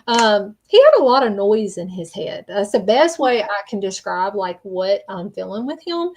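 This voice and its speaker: A woman's voice: mid-range voice, big pitch swings, normal speed, darkish tone, a little hiss or hum. A woman hosting a live-stream reading as a psychic medium, speaking earnestly and stopping often to check in with "okay?" between frequent ums.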